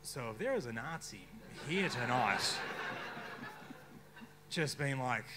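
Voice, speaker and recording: A young man with an Australian accent doing a stand-up comedy set on a bar stage, deadpan with sudden outbursts. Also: mid-range voice, takes it slowly, heavy background noise. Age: young adult. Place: bar stage before a live crowd.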